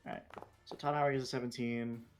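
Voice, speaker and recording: A man's voice: medium pitch, little pitch movement, fast talker, soft background music. A man running a tabletop game as game master, talking loosely with lots of fillers and restarts.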